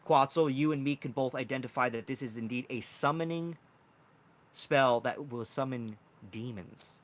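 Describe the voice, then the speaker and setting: A man's voice: mid-range voice, normal speed. A man narrating as dungeon master of a tabletop game, laughing often and slipping into character voices.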